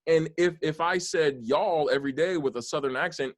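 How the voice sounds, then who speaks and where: A man's voice: fairly high pitch, moderate pace, no echo. A man hosting a podcast, talking earnestly and at length in a casual, rambling way with many restarts. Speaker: podcast host.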